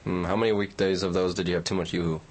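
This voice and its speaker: A man's voice: low voice, level tone, rapid-fire, slightly rough. A man co-hosting a casual radio show, teasing the others with short dry quips. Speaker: radio co-host.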